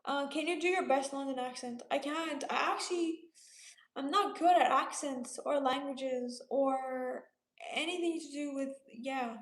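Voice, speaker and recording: Late-20s woman from Romania, livestream host, high-pitched and relaxed, roomy echo. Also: unhurried. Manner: laid-back, chatty, reads comments aloud and answers them. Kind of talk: casual livestream chat reading viewer comments.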